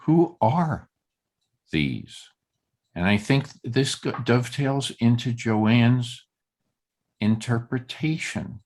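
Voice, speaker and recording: In a mid-range, darkish voice, a man leads group Torah study, reading passages aloud. His delivery is halting as he hunts for words and weighs the stress on each.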